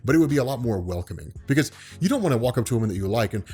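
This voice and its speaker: A man talks to camera in a calm, laid-back, unhurried vlog, projecting from the diaphragm with a carrying, commanding voice. It's mid-range with a breathy edge, and faint music plays behind him.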